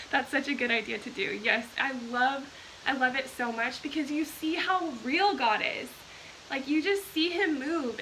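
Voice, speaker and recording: Woman, live video host, casual chat, high-pitched, bright, excited, reads out comments. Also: slight background noise, rough recording. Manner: gushing, enthusiastic, reads viewer comments aloud.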